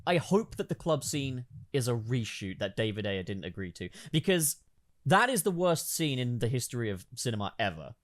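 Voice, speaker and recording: Animated male host, comedic script reader, crude and jokey. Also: mid-range voice, moderate pace. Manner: joking, swears, laughs a lot.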